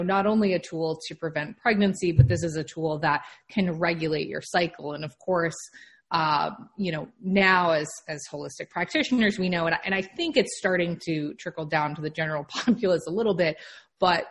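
A woman in her thirties, a holistic practitioner hosting a talk, explaining things in a measured way. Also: lowish voice. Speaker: holistic practitioner, podcast host. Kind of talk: conversational commentary.

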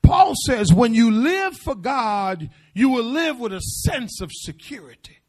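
A middle-aged male pastor preaching a sermon, repeating phrases and swinging from hushed asides to shouted declarations. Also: very high voice, big pitch swings, measured pace.

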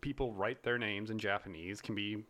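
A man co-hosting a casual film podcast, talking in an animated, playful way and laughing often. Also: on the low side, normal speed. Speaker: podcast co-host. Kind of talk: casual chat.

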